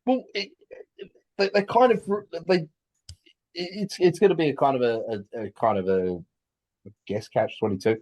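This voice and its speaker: A young man co-hosting a podcast in casual chat, halting and repeating words, often laughing. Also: mid-range voice, a little mellow. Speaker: podcast co-host.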